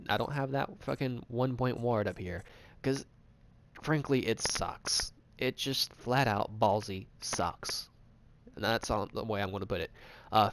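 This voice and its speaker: A man casually narrating a game tutorial, rambling and swearing, with frequent restarts. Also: fairly low pitch. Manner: rambling, profane, fast talk with restarts. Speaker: gaming channel host.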